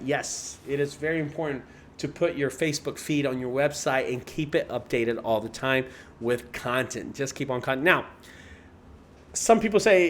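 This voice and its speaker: A man's voice: medium pitch, expressive, normal speed. A man, the owner of a junk removal business, chatting loosely with his livestream viewers. He swears a lot, rambles and often restarts his sentences. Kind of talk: casual livestream chat with viewers.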